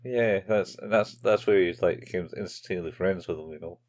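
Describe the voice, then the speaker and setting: Man, very low voice, laid-back podcast chat, laughs often, retells scenes. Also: normal speed, a little mellow. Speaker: podcast co-host. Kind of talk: casual chat recapping a show.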